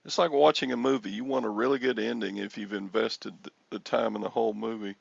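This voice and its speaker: Older male host, gravelly and slow, rambling anecdotal storyteller on a dull headset mic. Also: fairly low pitch, no room sound. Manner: rambling storyteller, chuckling, yells excitedly when reenacting. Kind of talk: casual chat. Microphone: headphones with mic.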